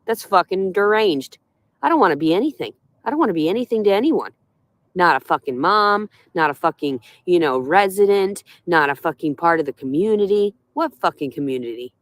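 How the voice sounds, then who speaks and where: A woman's voice: lowish voice, lively intonation, fairly quick, no echo. Bitter, swearing woman ranting in her car. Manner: bitter, sarcastic, heavy swearing. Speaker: livestreaming vlogger. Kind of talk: profane ranting monologue.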